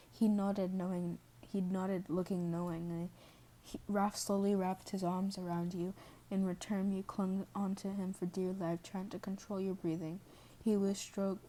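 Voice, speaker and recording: A woman's voice: medium pitch, dark tone. A woman reading a second-person fan story aloud, often stumbling and correcting herself as she goes. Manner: reads with restarts and self-corrections, stops to apologize. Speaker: fan fiction reader.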